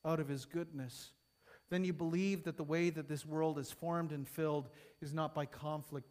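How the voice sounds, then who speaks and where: A man preaching a sermon to his congregation, rising to emphatic peaks and falling soft, then leading a prayer. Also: a little high. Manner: emphatic, building and falling in intensity.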